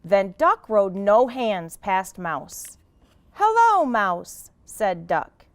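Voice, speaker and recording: A woman, a children's librarian, reading a picture book aloud to kids in an expressive, gently animated way. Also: mid-range voice, extremely slow, dry recording.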